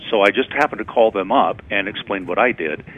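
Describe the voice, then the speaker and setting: A man's voice: lowish voice, fairly quick. A man speaking as a guest on a radio talk show, telling stories in a conversational way and acting out quoted lines. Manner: conversational storyteller, acts out quotes. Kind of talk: radio interview, anecdotal explaining. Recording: tinny phone-like radio sound.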